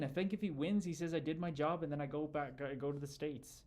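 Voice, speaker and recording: A man's voice: fairly high pitch, a little fast, a little mellow. A man hosting a livestream in a casual, chummy way, reading viewer comments aloud and calling people brother and dude. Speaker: livestream host and former hockey player.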